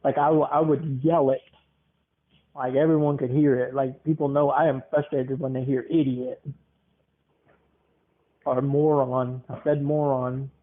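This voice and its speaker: A man's voice: mid-range voice, little pitch movement, moderate pace, pauses often. A man hosting a podcast, rambling casually, repeating words and leaning on fillers. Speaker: podcast host. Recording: tinny phone-line sound.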